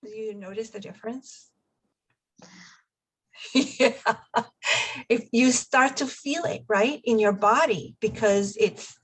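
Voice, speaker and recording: Over a video call, a woman life coach leads a class, giving steps and checking that everyone is following along. Her fairly high voice moves slowly with frequent pauses, and her manner is encouraging and coaching. The audio quality is poor.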